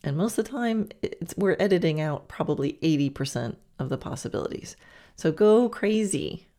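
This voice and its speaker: Gravelly-voiced woman coaching listeners. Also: deep voice, lively intonation, mellow. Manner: encouraging, chatty, with quick laughs and playful asides. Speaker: podcast host. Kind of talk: coaching monologue.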